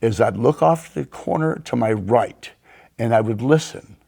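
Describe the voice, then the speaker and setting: A gravelly-voiced man hosts a podcast and tells lively stories with sound effects. He has a middle-pitched voice with a rough fry at the edges, and his delivery is casual and animated. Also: a little slow. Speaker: podcast host. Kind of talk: casual storytelling.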